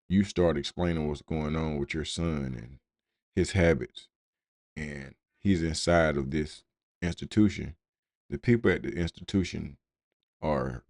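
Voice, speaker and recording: Very deep-voiced man hosting a blunt talk show. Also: darkish tone, no room sound. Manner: blunt, informal, conversational. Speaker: host. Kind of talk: casual commentary.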